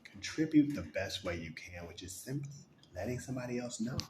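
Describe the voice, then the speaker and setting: Low-voiced man rambling in an echoey room. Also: lively intonation, noisy background. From New York. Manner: acts out overheard chatter in quick shifting voices; laughs often between thoughts. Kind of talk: rambling personal monologue.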